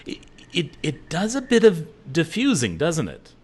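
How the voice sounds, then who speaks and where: A man hosting a podcast, chatting casually with his guest, thinking out loud and reading out listener comments. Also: on the high side, wildly swooping pitch, a little slow, slightly rough. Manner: chatty, sounds out ideas aloud, reads listener comments. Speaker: podcast host. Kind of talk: casual interview chat.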